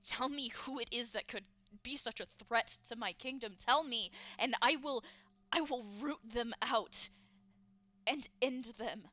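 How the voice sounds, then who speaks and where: A woman voicing a young, domineering king who shouts commands and threats. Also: on the high side, unhurried, dull audio, pitched above the performer's own voice. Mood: commanding.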